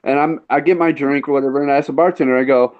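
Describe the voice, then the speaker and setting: A man's voice: mid-range voice, steady tone, rapid-fire. A man with a Northern US accent, telling a rambling story in casual podcast chat. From northern Illinois. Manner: rambling, tangent-prone storyteller. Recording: dull lo-fi sound.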